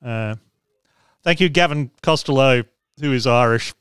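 Smooth-voiced podcast host. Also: male voice, mid-range voice, unhurried, a bit bright, no room sound, studio quality. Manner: explanatory, wry asides. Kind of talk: casual chat.

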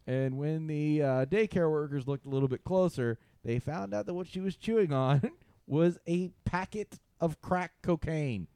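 A man's voice: on the high side, normal speed, warm tone, clear, resonant tone, dry recording. A man co-hosting a comedy podcast, rambling through bits and laughing in the middle of his own sentences. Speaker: podcast co-host. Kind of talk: casual comedy banter.

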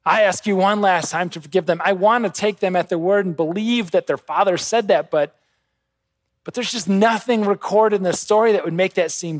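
A man preaching a sermon, swinging between quiet intensity and raised urgency. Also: high-pitched, normal speed, dry recording. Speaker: pastor.

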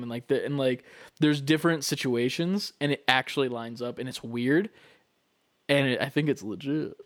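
A young man co-hosting a podcast in relaxed, rambling banter. He talks in an animated way, with lots of fillers and offhand swearing. His pitch sits in an ordinary middle range. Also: normal speed. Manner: animated, profane, uses many fillers. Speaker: podcast co-host. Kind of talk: casual podcast chat.

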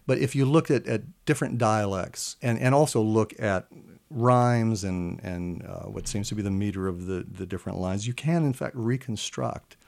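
A man's voice: on the low side, gravelly, darkish tone. Man in his own easygoing talk, explaining poetry and stretching vowels when he recites. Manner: reads Middle English verse slowly with long held vowels. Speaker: literature professor guest. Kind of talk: animated explanatory chat with recitation.

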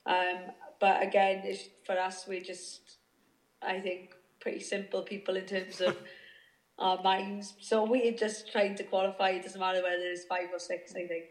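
A woman's voice: mid-range voice, level tone, moderate pace, echoey room. A woman in her thirties from Wales, a footballer talking as a guest on a remote call, hesitant with many fillers and restarts. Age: 30s. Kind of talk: remote interview chat.

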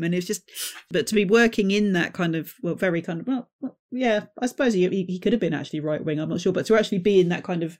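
A man's voice: high voice, fast talker. A man co-hosting a casual film podcast, rambling and laughing as he talks. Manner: laughing, rambling, self-interrupting. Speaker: podcast co-host.

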